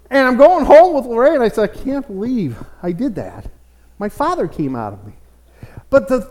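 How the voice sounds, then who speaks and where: A middle-aged American pastor gives a chatty sermon, rich with folksy anecdotes. His voice sits high for a man, and he stumbles over repeated words as a point gathers steam. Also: fairly bright tone, in a large hall. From United States. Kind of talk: conversational sermon.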